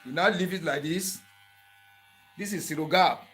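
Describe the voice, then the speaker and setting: A man with a slightly raised pitch walks the viewer through a practical demonstration. He repeats each step several times. He keeps asking whether they can see it. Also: moderate pace, fairly bright tone, breathy edge. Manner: repetitive step-by-step instructions, keeps checking the viewer follows. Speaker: barber tool instructor. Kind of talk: hands-on tutorial demonstration.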